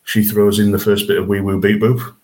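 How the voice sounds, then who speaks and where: A man's voice: lowish voice, level tone, brisk, darkish tone. A man co-hosting a podcast in casual chat, jokey and self-deprecating. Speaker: podcast co-host.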